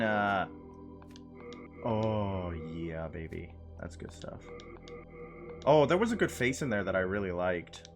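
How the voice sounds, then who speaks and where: A man live-streaming a game, chatting playfully with his chat, laughing and repeating phrases. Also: medium pitch. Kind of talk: casual live-stream chat while gaming.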